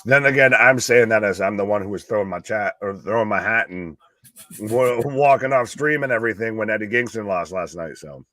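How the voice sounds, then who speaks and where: A man with a fairly low voice, co-hosting a wrestling watch-along stream in loose, joking chat. His jabs come out sarcastic, and the sound is close and dry with no room around it. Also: a little fast, pushed and bright, dry recording. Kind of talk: casual chat.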